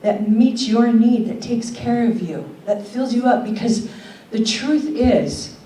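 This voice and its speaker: A woman's voice: fairly high pitch, animated, takes it slowly, warm tone. An older woman, a keynote speaker at a conference, talking earnestly and telling stories. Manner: earnest, questioning, tells stories. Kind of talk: conference talk. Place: conference hall. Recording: roomy hall audio from a distance.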